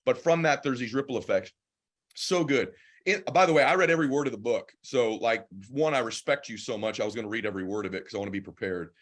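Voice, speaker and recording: A man's voice: medium pitch, expressive, fast. A man hosting a podcast, speaking in an earnest, reflective way as he adds his own thoughts to his guest's points. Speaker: podcast host. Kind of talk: interview conversation.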